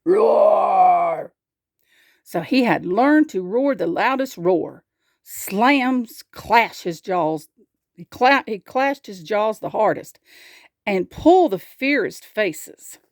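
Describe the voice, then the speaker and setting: A woman reading a picture book aloud, slow and expressive, asking the listener questions. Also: fairly high pitch, dry recording, studio quality. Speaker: storyteller.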